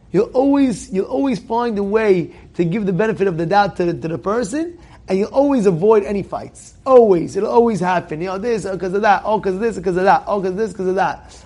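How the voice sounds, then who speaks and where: Guy with a high raspy voice telling a story, animated, keeps repeating himself and restarting. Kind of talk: casual anecdote.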